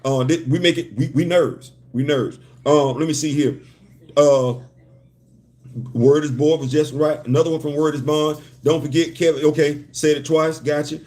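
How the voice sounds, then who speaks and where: A man's voice: fairly high pitch, fairly even intonation, normal speed, darkish tone. A man hosting a casual livestream chat from a hotel room, joking and repeating his phrases. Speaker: host.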